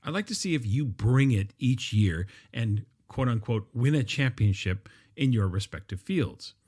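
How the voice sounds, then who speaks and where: A man's voice: mid-range voice, animated, measured pace, darkish tone, slightly rough. A middle-aged man hosting a podcast, talking conversationally in a solo monologue with frequent ums and uhs. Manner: conversational, with frequent fillers and restarts. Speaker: podcast host.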